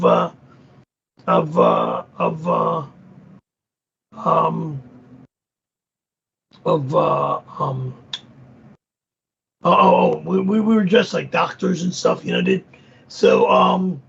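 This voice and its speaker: A man voicing a laid-back surfer dude who rambles and stammers, with a gravelly, husky voice. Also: very high-pitched, muffled recording, heavily acted. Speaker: show regular.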